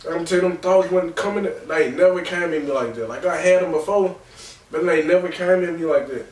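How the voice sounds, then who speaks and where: A man in his twenties, a podcast host, telling a raw, rambling and emotional personal story with lots of "real talk" and "bro". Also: fairly high pitch. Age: 20s. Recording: echoey room, distant mic.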